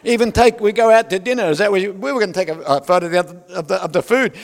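A man's voice: high voice, animated, fast, creaky. A man preaching a sermon, conversational with joking asides to the congregation. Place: large church hall. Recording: long reverb of a large hall.

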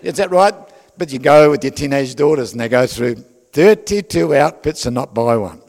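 A man's voice: medium pitch, expressive, moderate pace, vocal fry, darkish tone, big-room sound. An older man with an Australian accent, preaching a sermon full of personal stories, jokes and asides to the congregation. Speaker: pastor.

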